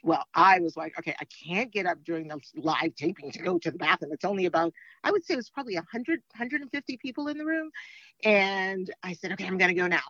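A woman guest telling stories in an interview, lively and quick to act out the voices she quotes. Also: no room sound. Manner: lively storyteller, swings high for quoted speech. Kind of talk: storytelling in a podcast interview. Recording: dry, dull lo-fi sound.

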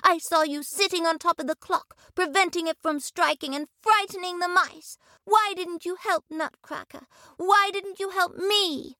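A woman's voice: normal speed, pushed and bright, no echo, clean studio sound. A woman voicing a frightened, pleading young girl in a storybook reading. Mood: reproachful. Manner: high, tearful and breathless.

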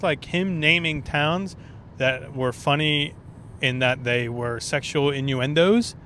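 A man's voice: fairly high pitch, fairly bright tone, a little hiss or hum. A man who is a stand-up comedian talking casually and profanely in a rambling solo podcast monologue, recorded on the road. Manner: rambling, profane, laid-back.

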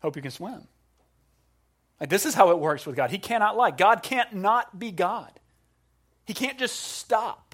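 A man preaching a sermon with humorous asides, swinging between hushed, quiet passages and loud, emphatic ones. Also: sits high, lively intonation, normal speed. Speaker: pastor.

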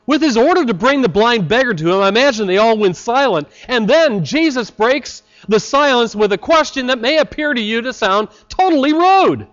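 A man preaching a sermon, slow and deliberate, with dramatic pauses. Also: very high-pitched, expressive, fairly bright tone. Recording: slightly dull lo-fi recording.

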